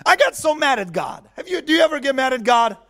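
High-voiced man preaching a sermon. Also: big pitch swings, quick pace, bright, forceful tone. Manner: conversational, chuckling, asks the audience questions.

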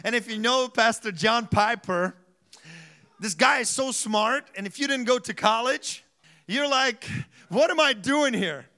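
A man preaching a sermon as a pastor, telling self-mocking stories, laughing often and rising to loud bursts. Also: very high voice, measured pace, smooth.

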